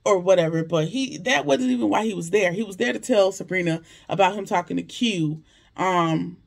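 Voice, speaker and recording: A reviewer recapping a TV drama episode in a casual, animated way, with slangy asides and quick bits of acting out what the characters said. The voice has a gravelly, fry-edged texture at a middle pitch.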